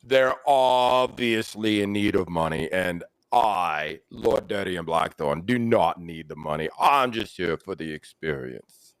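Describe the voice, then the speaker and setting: A man's voice: deep voice, expressive, a little slow, hardly any pauses, smooth, dry recording, rough recording. A man voicing a haughty, wealthy young lord who speaks pompously and brushes off talk of money. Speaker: tabletop player.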